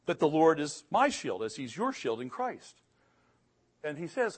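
A man's voice: a little high, big pitch swings, unhurried, slightly rough. A middle-aged man preaching a sermon in an earnest way, often repeating words, and rising in emphasis on key phrases. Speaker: pastor.

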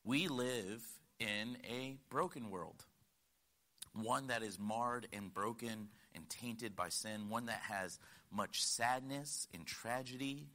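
Guy from connecticut preaching, bright clear voice, earnest storytelling that swings loud and soft. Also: medium pitch, takes it slowly. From United States (Connecticut). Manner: earnest storytelling, rising to emphatic points, dropping to quiet asides. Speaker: guest preacher. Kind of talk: sermon.

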